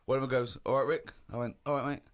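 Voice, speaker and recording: A man's voice: medium pitch, steady tone, quick pace. An English man in his forties on a casual comedy podcast, telling a story in a wry, sarcastic way. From England. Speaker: co-host.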